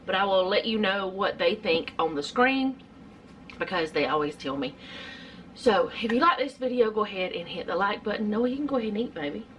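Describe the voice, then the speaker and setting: A woman's voice: mid-range voice, lively intonation, fairly quick, fairly bright tone, dull audio, a little hiss or hum. A middle-aged woman, chatting casually through a home cooking vlog in her kitchen, rambling with lots of fillers.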